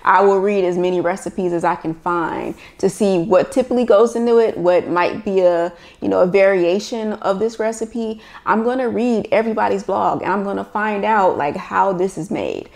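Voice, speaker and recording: A woman's voice: medium pitch, moderate pace, gravelly, few pauses, darkish tone. A woman in her thirties from Los Angeles, casually and animatedly explaining how she recreates recipes. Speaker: recipe developer. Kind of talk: casual storytelling interview.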